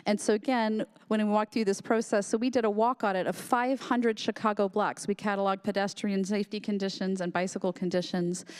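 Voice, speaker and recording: A woman presenting a short talk on a neighborhood walk audit in a steady, informative way. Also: medium pitch, a little fast, few pauses, clean tone. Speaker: community organizer speaker.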